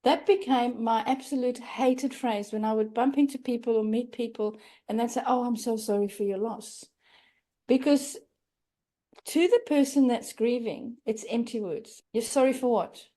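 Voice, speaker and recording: A middle-aged woman talks earnestly as a podcast guest. Her voice sits a little high yet sounds mellow and soft-edged. She slips into little quoted voices as she explains. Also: moderate pace. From Australia. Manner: earnest, acts out quoted phrases. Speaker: grief coach, guest. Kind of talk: podcast interview.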